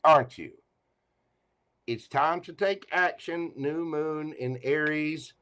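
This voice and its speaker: A man's voice: a little high, slow, fairly bright tone, clear, resonant tone. A man giving a live tarot reading, teasing and playful as he talks straight to the listener. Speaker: tarot reader.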